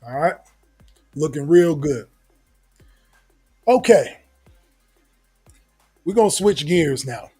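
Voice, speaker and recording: Man, sports podcast host, husky voice, faint music behind, slangy and animated. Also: a little high, takes it slowly, long pauses. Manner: animated, laughs often, slangy. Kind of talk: casual sports talk.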